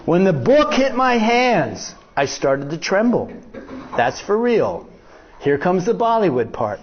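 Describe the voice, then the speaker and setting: Taking it slowly, an older American man with a high-pitched voice tells a joking story, acting out the dialogue with animation. He's a guest speaker in a lecture hall, captured in a muffled recording with slight background noise.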